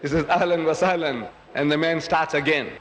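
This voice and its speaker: A man's voice: a little high, brisk, a bit bright, a little hiss or hum. A man giving a public lecture, telling a story and acting out its voices. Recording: echoey hall.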